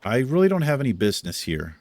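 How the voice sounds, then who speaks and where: A man's voice: medium pitch, big pitch swings, quick pace, a little mellow, no room sound. A man hosting a video game let's play, giving laid-back commentary with casual swearing and chuckles. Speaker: host.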